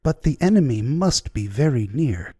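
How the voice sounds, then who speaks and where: A man's voice: medium pitch, very animated, normal speed, warm tone, husky, dry recording, voice pushed up. Man voicing an anguished woman dreamer.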